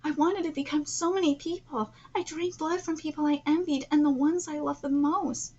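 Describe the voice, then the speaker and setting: A woman's voice: high-pitched, fairly even intonation, normal speed, mellow, lo-fi sound, close to an everyday voice. A woman voicing an obsessive young female villain, reading manga dialogue aloud in a plain, slightly hesitant way. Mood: subdued.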